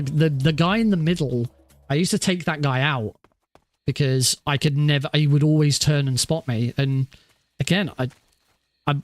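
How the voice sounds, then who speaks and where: A man's voice: a little high, no echo. A man casually commenting on his own speedrun practice, rambling and self-deprecating with lots of fillers and restarts. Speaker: speedrunner streamer.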